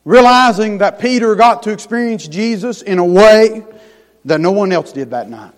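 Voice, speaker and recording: A man with a high voice preaches a sermon in a church sanctuary, and his words ring out with a long hall reverb. His phrasing is folksy and down-home. He falls to hushed, tender lines, then builds to loud, rising emphasis. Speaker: pastor.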